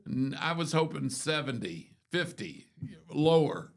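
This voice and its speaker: Gravelly older man rambling through stories. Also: fairly high pitch, sing-song, measured pace. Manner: rambling storyteller with many restarts and asides. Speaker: radio show host. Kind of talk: casual morning show chat.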